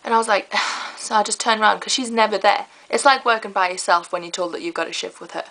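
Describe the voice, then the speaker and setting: A teenage girl, chatting to camera in a rambling, lively way. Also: medium pitch, fast, creaky, rough recording. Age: teens. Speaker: vlogger. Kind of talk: casual chat to camera.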